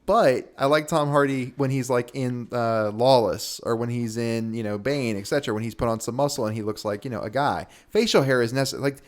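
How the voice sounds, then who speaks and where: A man's voice: medium pitch, brisk, hardly any pauses. Blunt, joking man on a movie podcast. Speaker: podcast co-host. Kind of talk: casual movie review chat.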